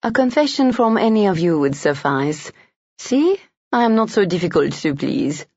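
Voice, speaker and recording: A man's voice: sits high, very animated, normal speed, a little mellow, dry recording, heavily acted. Lisette, a purring French femme fatale, read by a man. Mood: sly. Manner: purring, sweetly menacing. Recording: dull lo-fi dry audio.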